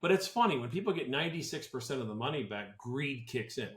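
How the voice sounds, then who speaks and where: Blunt opinionated guy chatting casually on a podcast, mid pitch, lots of restarts, echoey room. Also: expressive, quick pace. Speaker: tax planning advisor. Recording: roomy echo.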